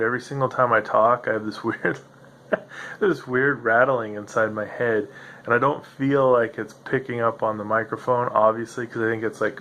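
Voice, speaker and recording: A man's voice: mid-range voice, a bit bright, slight background noise. A man hosting a solo podcast, musing in a meandering, self-interrupting way with a slightly nasal voice. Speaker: podcast host. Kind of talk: rambling solo monologue.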